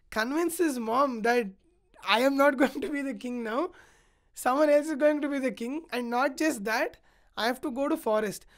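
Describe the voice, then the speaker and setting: A woman on a podcast retelling an epic story in casual chat, acting out the quoted lines and filling her talk with "like". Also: fairly high pitch. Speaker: podcast guest.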